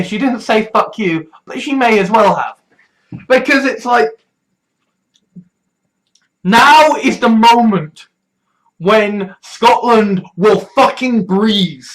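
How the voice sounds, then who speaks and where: A young British adult ranting on a political vlog, swearing freely and sarcastic, with a stuffy nose, sometimes rising to a shout. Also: mid-range voice, poor audio. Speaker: political vlogger.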